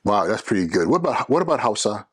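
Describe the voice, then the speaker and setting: A man's voice: fairly low pitch, very animated, quick pace, slightly rough, no echo. A man hosting his own podcast as an educator, talking earnestly and persuasively with frequent restarts. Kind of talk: solo podcast talk.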